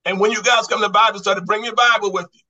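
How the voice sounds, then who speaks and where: A man's voice: high voice, fairly even intonation, fast, sharp tone, highs cut off. A man teaching a Bible study class on grammar, quizzing the group with repeated questions and restarting his phrases to stress a point.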